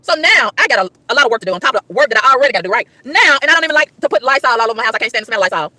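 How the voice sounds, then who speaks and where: A woman's voice: fairly high pitch, lively intonation, very fast, sharp tone, no room sound. A woman vlogger telling an exasperated story, exclaiming and repeating lines for emphasis, recorded in a car. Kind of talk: animated storytelling rant.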